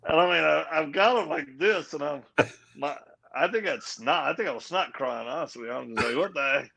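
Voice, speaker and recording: A man with a high-ish, gravelly voice, pushed and bright and a little rough, talks fairly quickly as an interview guest at a live Christian coffee house event. Giving his testimony with earnest feeling, he voices the characters in the dialogue himself.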